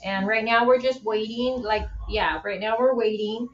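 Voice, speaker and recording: A woman's voice: a little high, steady tone, normal speed. Teary woman rambling on a live stream, roomy dull audio. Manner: emotional, tearful, rambling with restarts. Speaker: livestream host. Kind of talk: emotional casual chat on a livestream.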